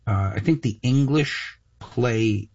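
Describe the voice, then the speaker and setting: A hoarse man co-hosts a casual trivia show, explaining facts with jokes along the way. His voice is husky and rough. The recording is dry and a little muffled. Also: medium pitch, slow pace, darkish tone, dry recording. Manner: explanatory, jokey. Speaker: co-host. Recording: dull dry studio sound.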